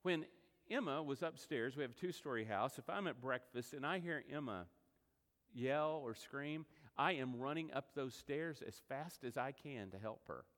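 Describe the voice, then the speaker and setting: Animated preacher in a reverberant hall. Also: male voice, medium pitch, moderate pace. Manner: animated storytelling, acts out quoted voices. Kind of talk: sermon. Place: church sanctuary.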